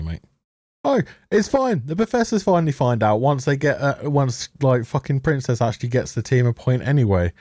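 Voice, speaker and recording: A young man with a low, mellow voice rants through a TV episode review, sarcastic and fed up, swearing at nearly every scene. His voice sits close and dry, with no room sound around it. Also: dry recording. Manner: sarcastic, exasperated, heavy swearing. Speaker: TV show reviewer. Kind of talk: ranting commentary over clips.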